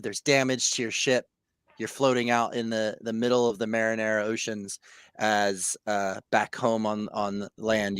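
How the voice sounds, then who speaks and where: A man's voice: lowish voice, a bit bright, clear, resonant tone, dry recording. A young man narrating as game master of a comedy tabletop game, rambling with fillers and laughing often.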